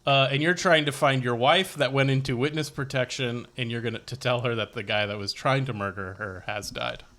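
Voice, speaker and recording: A man co-hosting a podcast who runs the segment, explaining the rules briskly. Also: medium pitch, pushed and bright. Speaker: podcast co-host. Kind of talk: casual podcast chat.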